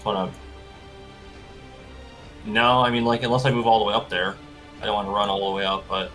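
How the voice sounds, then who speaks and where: A man with a low but bright, sharp voice plays a tabletop game. He thinks aloud and hesitates as he works out his moves. Faint music sits in the background. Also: little pitch movement, a little fast. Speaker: player. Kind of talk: casual chat.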